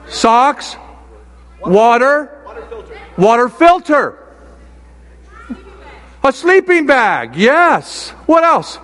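An older man preaching a sermon as a pastor, telling stories with many halting restarts. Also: very high-pitched, fairly bright tone. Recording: long hall reverb.

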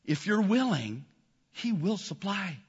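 A man preaching a sermon as pastor, telling a story with animated energy and rising to excited shouts. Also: high-pitched, slow, slightly rough, in a large hall, highs cut off.

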